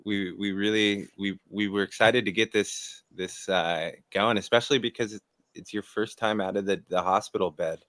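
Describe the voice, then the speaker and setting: A man's voice: on the low side, fairly even intonation, moderate pace, a bit bright, no room sound. A man hosting a podcast in casual chat, laid-back and giggly, with casual swearing. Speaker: podcast host.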